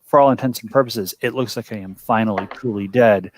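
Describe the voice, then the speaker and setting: A man talking as a player at a tabletop game, explaining his ideas in a rambling, animated way with lots of "like"s. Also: fairly low pitch, brisk, a little hiss or hum.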